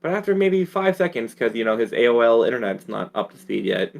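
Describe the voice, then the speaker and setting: A man's voice: medium pitch, very animated, fairly quick, creaky. A man narrating as dungeon master for a tabletop game, rambling with fillers.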